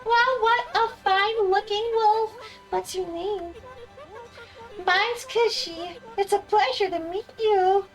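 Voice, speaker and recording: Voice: very high voice, fairly even intonation, slow, a bit bright, soft background music, voice pushed up, full character voice, rough recording. A streamer voicing a cheerful young woman who brews sake, chatty and friendly, reading game dialogue aloud. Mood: welcoming.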